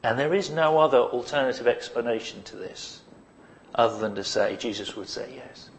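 A man preaching a sermon to his congregation. He is animated, asks rhetorical questions, and drops in humorous asides. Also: mid-range voice, moderate pace.

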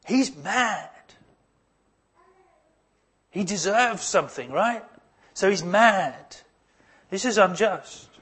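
A man's voice: sits high, animated, slow pace, pauses often, fairly bright tone, husky. A man preaching a sermon, putting emphatic rhetorical questions to his congregation. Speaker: pastor.

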